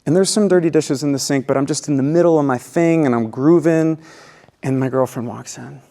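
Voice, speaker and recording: A man's voice: on the high side, a little fast, gravelly. A man giving a storytelling talk at a conference, acting out scenes and leading the audience. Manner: animated, acts out scenes and leads the crowd. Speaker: conference speaker. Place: conference hall. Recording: long reverb of a large hall.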